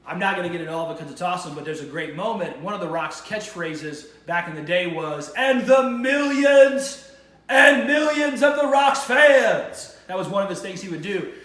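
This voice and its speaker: A man's voice: on the high side, quick pace, few pauses, fairly bright tone. A male vlog host talking enthusiastically to camera, rambling and restarting his sentences. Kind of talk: casual to-camera monologue. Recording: roomy echo with faint ambience.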